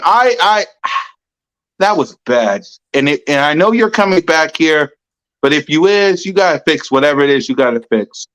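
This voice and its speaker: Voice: medium pitch, animated, measured pace, pauses often, fairly bright tone, poor audio. Heated sports podcast host. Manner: heated, emphatic, repetitive. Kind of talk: ranting sports talk.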